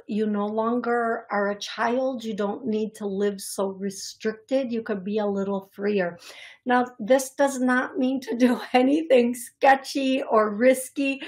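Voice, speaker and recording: Slow, halting woman giving psychic readings. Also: fairly high pitch. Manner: repetitive, halting, fillers, slow and earnest. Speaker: psychic medium host. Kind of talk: live-stream reading for viewers.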